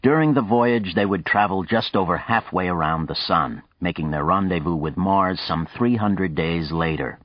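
Deep-voiced man narrating a novel. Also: no room sound, dull audio. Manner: measured, even storytelling. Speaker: audiobook narrator. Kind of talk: scripted narration.

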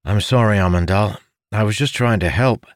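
A man's voice: fairly low pitch, normal speed, no echo, studio quality, voice pushed up, close to an everyday voice. A man voicing a young male illusionist, an apologetic and teasing friend, in a fantasy audiobook.

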